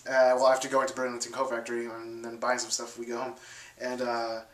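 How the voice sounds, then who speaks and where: In a roomy-sounding recording, a young man speaks fairly quickly in a monotone, mid-range voice. As a vlogger telling his viewers a casual story, he rambles with lots of fillers and restarts and acts out quotes loudly.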